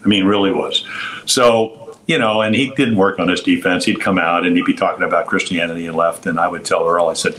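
An older man, a former pitcher and broadcaster, telling long anecdotes with restarts and quoted voices in an interview. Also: fairly even intonation, fairly quick, a bit bright, poor audio. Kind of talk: storytelling interview.

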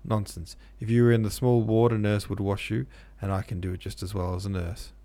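A hearty young medical student chats in a breezy, friendly way, as a man reads him out. The voice sits low with a gravelly edge. It keeps a cheerful, easy tone. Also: level tone, a little fast, mellow, close to an everyday voice.

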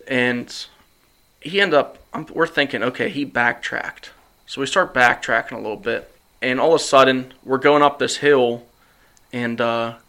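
A man's voice: mid-range voice, bright, forceful tone. A man hosting a podcast, telling a hunting story in casual chat, acting out quotes and laughing often. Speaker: podcast host. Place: studio.

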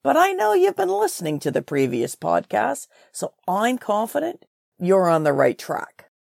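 Canadian woman coach talking podcast advice, lively swoopy pitch, bit gravelly, dry close mic. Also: no room sound. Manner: direct, blunt, animated with laughs. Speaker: career transition coach, podcast host.

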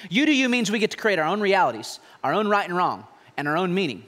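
A man preaching a sermon as pastor, conversational and animated, with mocking asides. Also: high voice, fast talker. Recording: long hall reverb.

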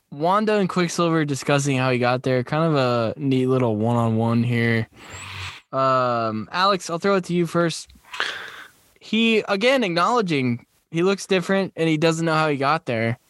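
A man's voice: on the high side, animated, measured pace, fairly bright tone, smooth, no echo. A man hosting a casual podcast chat, steering the talk and asking the others questions. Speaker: podcast host.

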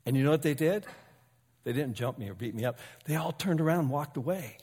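A man in his fifties or older preaching a sermon, telling a personal story in a relaxed, conversational way with self-deprecating asides. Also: fairly high pitch, a little fast, breathy edge. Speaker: pastor. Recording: long hall reverb.

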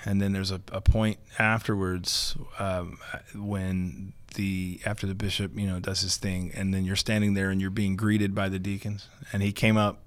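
A man's voice: sits low, moderate pace, hardly any pauses, clean tone. A young man, a seminarian guest, telling a story casually and acting out the dialogue. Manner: animated, acts out dialogue with laughter.

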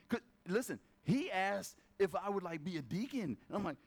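Speaking briskly in a high voice, this man is a pastor giving a relaxed sermon. His storytelling is lively, and he performs character voices along the way.

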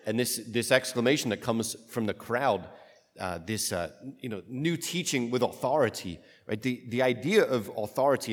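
Brief: male priest, mid-pitched, conversational homily, long echo of a large church. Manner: conversational, asks rhetorical "right?". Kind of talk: gospel reading and homily. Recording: long reverb of a large room.

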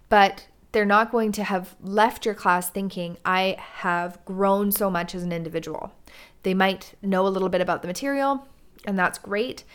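A woman from Canada, a drama teacher, giving a measured and earnest talk about teaching and student relationships. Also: mid-range voice.

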